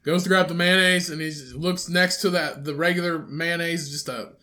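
A man's voice: on the high side, steady tone, normal speed, pushed and bright. A young man co-hosting a podcast, swearing freely and restarting his sentences in casual chat. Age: young adult. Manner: swears a lot, stumbling restarts, laughs hard. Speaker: podcast co-host.

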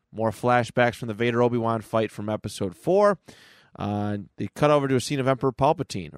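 A podcast co-host recaps a comic book on a close mic, talking casually and rambling with frequent fillers and restarts. His voice is mid-range, brisk, and clean, in a dry recording.

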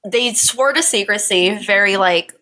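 Bright-voiced, profane woman host. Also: mid-range voice, normal speed. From United States. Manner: profane, animated, sarcastic. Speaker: podcast host. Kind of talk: comedic true-crime storytelling.

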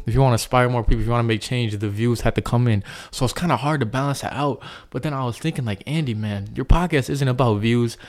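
A man's voice: fairly low pitch, darkish tone. A young man hosting his own podcast, talking earnestly and reflectively in a loose, rambling monologue full of fillers. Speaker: podcast host.

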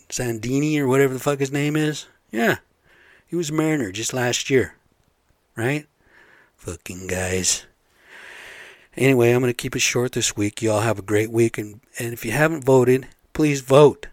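A man's voice: medium pitch, no room sound, clean studio sound. A man hosting a casual vlog, rambling bluntly and swearing freely. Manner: rambling, blunt and profane, asks listeners "right?". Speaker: vlog host. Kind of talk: casual profane monologue.

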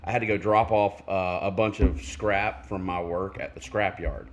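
A man co-hosting a casual podcast, swearing often and acting out people in animated stories. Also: low-pitched, normal speed. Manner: swears a lot, animated storytelling with voices. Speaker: podcast co-host. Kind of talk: casual chat.

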